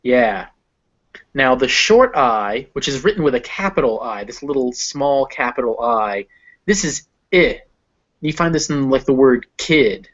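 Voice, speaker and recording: A man's voice: medium pitch, lively intonation, measured pace. A man tutoring a student one-on-one in pronunciation, patiently explaining sounds and modeling words aloud. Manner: patient, explaining with spoken examples. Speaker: phonetics tutor. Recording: dull lo-fi recording.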